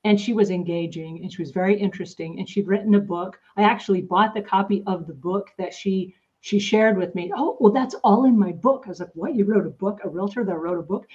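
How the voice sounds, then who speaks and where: With a darkish tone and a voice on the low side, this podcast host speaks fairly fast with few pauses. She tells stories in a loose, chatty way, packing in fillers and voicing other people's lines herself, all captured on dull lo-fi audio.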